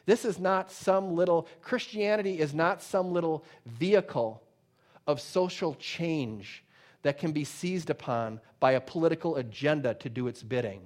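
A man with a somewhat high voice preaches with emphatic force. He drops into casual asides full of fillers, then builds back up to loud declarations. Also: moderate pace. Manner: emphatic preaching, rising and dropping in volume; conversational asides with many fillers. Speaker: pastor. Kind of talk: sermon.

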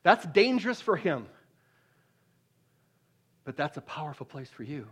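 Here a preacher shifts from emphatic, loud peaks down to murmured storytelling, repeating words as he begins again. His pitch swings widely, his pace is slightly slow, and his voice has a husky quality.

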